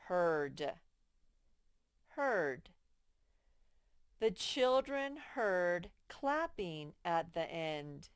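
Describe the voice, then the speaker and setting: Slow, patient woman teaching phonics. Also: lowish voice, dry recording. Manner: slow, clearly stretched-out words for children. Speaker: first-grade teacher. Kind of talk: slow, patient phonics lesson to young children.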